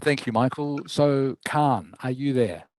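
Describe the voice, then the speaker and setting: A man's voice: mid-range voice, unhurried, darkish tone, dry recording, low-quality recording. A man teaching English over a video call, patiently giving feedback and often checking that his student follows. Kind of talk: online lesson feedback.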